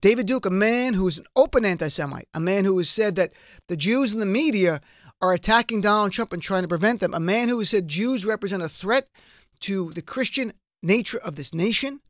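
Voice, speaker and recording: A man's voice: high-pitched, expressive, fairly quick, no echo, studio quality. A man hosting a political talk show, making an emphatic, passionate case full of rhetorical questions. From United States. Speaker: radio show host. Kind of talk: political commentary.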